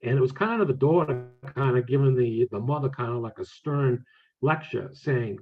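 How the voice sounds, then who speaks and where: Husky man on a tinny line. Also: mid-range voice, moderate pace. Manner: relaxed, chatty, many fillers and restarts. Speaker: medium and author, guest speaker. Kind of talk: casual talk with audience questions. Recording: tinny phone-like audio.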